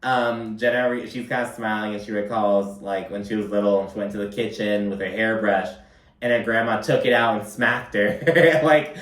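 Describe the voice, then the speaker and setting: A man's voice: lowish voice, fairly even intonation, normal speed, fairly bright tone. A man casually recapping a reality show, gossipy and profane, peppering his talk with "like.". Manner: gossipy, profane, frequent "like" fillers. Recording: roomy, distant from mic.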